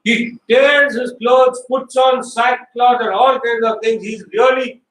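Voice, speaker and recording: High-voiced man preaching in an echoey hall. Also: steady tone, takes it slowly, fairly bright tone, a little hiss or hum. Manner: storytelling, acts out quoted voices, asks the congregation questions. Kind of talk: animated sermon. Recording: echoey hall, recorded from far off.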